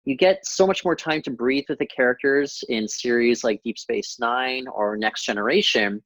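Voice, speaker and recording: A man's voice: mid-range voice, normal speed, fairly bright tone, no room sound, lo-fi sound. A man guesting on a podcast, giving opinionated, jokey takes in casual chat.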